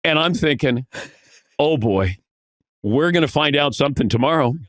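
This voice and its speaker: A man telling animated anecdotes as a podcast guest, acting out the voices of the people in his stories. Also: a little high, normal speed, no echo, clean studio sound. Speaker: podcast guest, veteran sportscaster. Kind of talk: casual storytelling.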